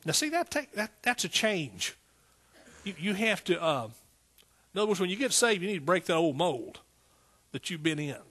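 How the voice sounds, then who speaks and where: A man's voice: high-pitched, sing-song, normal speed, pauses often, fairly bright tone. A middle-aged man with an East Texas accent preaching a sermon in a folksy, call-and-response manner. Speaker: pastor.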